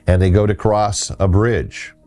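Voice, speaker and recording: A man with a low, mellow voice gives a casual folklore talk. He rambles and often restarts his sentences. Faint music plays behind him. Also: level tone. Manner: rambling, halting, with many restarts. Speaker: host.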